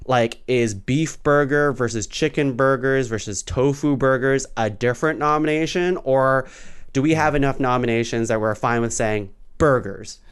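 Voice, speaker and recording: A man hosting a relaxed podcast chat, his voice smooth and clean at a middle pitch. He talks in animated bursts, laughing often and stumbling over his words as he goes. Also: normal speed. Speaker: podcast host. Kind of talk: casual panel chat.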